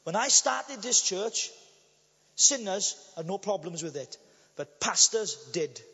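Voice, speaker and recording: A blunt, impassioned Welsh man preaching from a church pulpit, his unusually high voice leaping up and down as he drives his points home. The sermon echoes with a long church reverb, and the recording is dull and lo-fi. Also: expressive, slow, sharp tone, breathy edge. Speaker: pastor.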